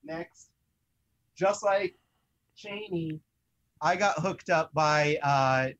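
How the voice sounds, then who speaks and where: A young man co-hosting a toy collecting show, chatting in an excitable, rambling way. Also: on the high side, drawn-out words, muffled recording. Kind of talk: casual chat.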